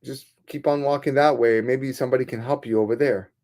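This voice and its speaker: A man's voice: mid-range voice, fairly even intonation, fairly quick, darkish tone, natural voice. A man doing a cryptic old devil in disguise. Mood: dismissive.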